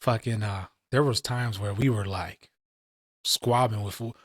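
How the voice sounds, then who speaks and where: A man's voice: on the low side, steady tone, measured pace, dry recording, clean studio sound. A man in his late twenties or thirties, co-hosting a casual podcast and telling stories in heavy, profane street slang. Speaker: podcast co-host.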